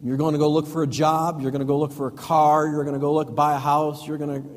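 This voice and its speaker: Middle-aged man, pastor preaching, fairly high voice, loud-to-hushed swings, long hall reverb. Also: flat delivery, quick pace. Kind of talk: sermon.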